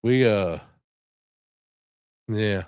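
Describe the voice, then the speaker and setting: A man's voice: lowish voice, very slow, a little mellow, clear, resonant tone, dry recording, clean studio sound. A man hosting a casual live stream, rambling and joking with frequent laughter. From southern United States.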